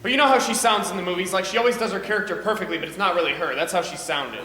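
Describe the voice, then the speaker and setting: A man's voice: sits high, rapid-fire, pushed and bright. A teenage boy acting a sardonic, bickering wealthy man in a live stage comedy. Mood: wry. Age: teens. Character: sarcastic, irritable wealthy man, quick to bicker. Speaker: stage actor. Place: school theatre stage. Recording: echoey auditorium from a distant mic.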